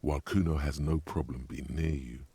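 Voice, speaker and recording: A man voicing the solemn inner voice of a detective game, speaking slowly and advising the player in the second person. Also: extremely low pitch, steady tone, gravelly, mellow, husky, heavily acted. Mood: grave. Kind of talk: game narration.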